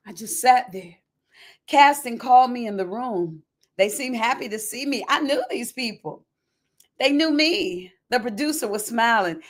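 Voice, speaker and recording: A woman reading aloud from her own memoir, emotional and expressive, shifting from hushed to loud and talking to listeners in folksy asides. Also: fairly high pitch, measured pace. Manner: emotional, dramatic swings from quiet to loud.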